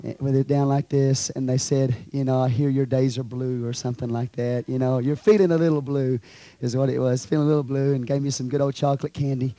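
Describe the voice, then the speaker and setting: A man preaching a sermon as pastor, swinging from quiet storytelling to shouted calls to the congregation. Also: medium pitch, little pitch movement, fairly quick, dry recording. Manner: preaching with rising shouts and call-and-response asides.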